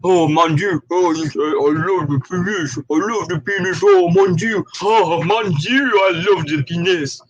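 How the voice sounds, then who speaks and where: A man's voice: a little high, unhurried, fairly bright tone, lo-fi sound. A man putting on a pompous fake-French mocker. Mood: mocking. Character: mocking caricature of a pompous male volunteer, fake French.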